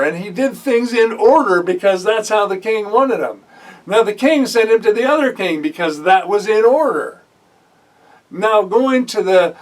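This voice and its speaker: High-voiced man preaching from a distance. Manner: reads a passage, then stops to comment conversationally; frequent "uh" fillers and self-corrections. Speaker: Bible teacher. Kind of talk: sermon mixing scripture reading and commentary.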